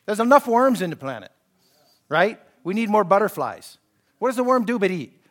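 With a high, fairly bright voice, a male pastor delivers a conversational sermon. He plays out quoted speech in different voices and asks the congregation if they understand.

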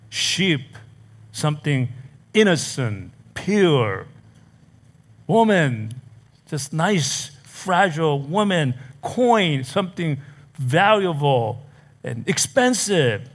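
Slow, lively-pitched man preaching. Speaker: pastor. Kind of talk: sermon. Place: church in America.

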